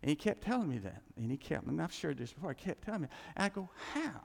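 A man preaching a sermon as pastor, animated, repeating his phrases and acting out quoted thoughts. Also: a little high, quick pace, creaky. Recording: long hall reverb.

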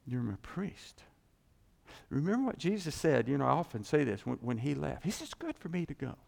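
A male pastor preaching a sermon in a church, animated and joking, often acting out voices in his teaching. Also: on the high side, brisk, creaky. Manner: animated, jokey, acts out God's voice. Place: church sanctuary. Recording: long hall reverb.

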